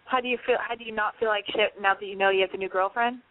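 A woman's voice: medium pitch, fairly even intonation, racing, narrow, tinny audio. A woman hosting a call-in advice show, gushing, emotional and reassuring as she talks with callers. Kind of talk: casual call-in advice chat.

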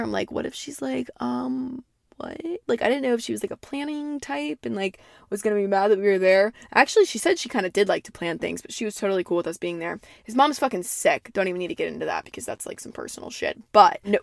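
A woman's voice: mid-range voice, vocal fry, no room sound, clean studio sound. A young adult woman hosting a podcast in casual solo chat, rambling, swearing freely and speaking candidly. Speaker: podcast host.

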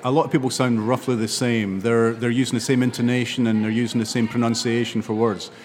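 An older man with a Scottish accent tells stories as a guest in an interview. He is animated and laughs often. His voice carries a long reverb, as if he is in a large hall. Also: mid-range voice, fast. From Scotland. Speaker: novelist guest. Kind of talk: interview conversation.

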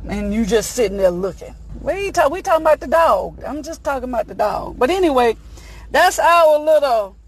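A married woman hosting a show, telling a comic story in a lively, folksy way and calling her listeners honey. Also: on the high side. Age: adult, married. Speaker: show host. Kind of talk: lively comedic morning-show monologue.

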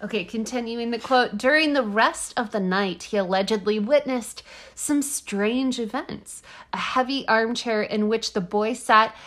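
A woman's voice: fairly high pitch, measured pace, fairly bright tone. A woman co-hosting a podcast, chatting casually and reading an article aloud, laughing often and swearing now and then. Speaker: podcast co-host.

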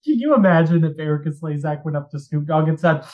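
Podcast dude teasing everyone, bouncy pitch, done with the episode. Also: male voice, animated, fast, a little mellow. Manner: teasing, dropping the rundown in exasperation. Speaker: podcast co-host. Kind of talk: casual chat.

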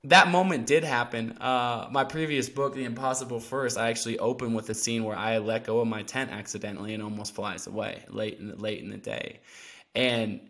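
Animated man telling a story. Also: mid-range voice, a little fast. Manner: animated storyteller, heavy use of "like" fillers. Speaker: podcast guest, endurance athlete. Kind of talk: casual storytelling interview.

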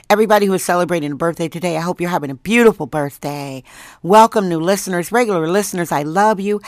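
A hoarse woman from Wisconsin who has lost her voice, hosting a chatty, jokey solo podcast from home. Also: on the low side, no echo, studio quality. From Wisconsin, USA. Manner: chatty, jokey, laughs at herself. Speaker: podcast host. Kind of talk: casual solo monologue.

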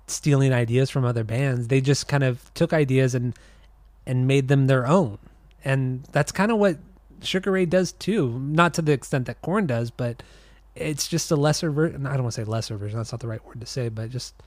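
Male podcast co-host, mid-pitched, laid-back rambler, dry close recording. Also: a little mellow, dry recording. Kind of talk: casual chat.

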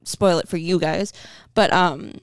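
A woman's voice: on the low side, fairly even intonation, a little slow, clean tone, no echo, studio quality. A woman in casual conversation, talking about comic books with enthusiasm, often laughing and cutting in with jokes. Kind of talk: casual comic-book discussion.

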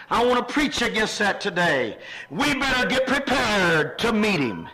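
A man preaching a fervent sermon, punctuating lines with amens and rising into shouts. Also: sits high, big pitch swings, a little slow, rough recording. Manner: repetitive cadence of amens.

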